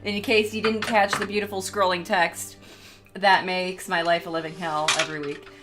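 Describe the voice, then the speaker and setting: A woman's voice: fairly low pitch, level tone, normal speed, over music. A woman running a tabletop horror game as game master, joking loosely with her players and recapping last session for chat.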